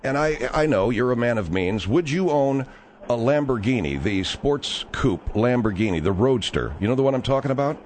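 A man's voice: medium pitch, lively intonation, normal speed, darkish tone, a little hiss or hum. A man hosting a comedy radio talk show, hesitant and soothing, often stammering over his words.

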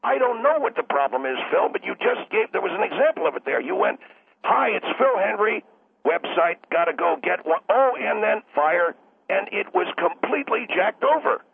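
A man's voice: high voice, big pitch swings, normal speed, creaky, slight background noise, voice pushed up, exaggerated voice. A man voicing a pompous, whiny station co-owner who lectures and rambles defensively over a phone. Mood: lecturing. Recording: tinny phone line.

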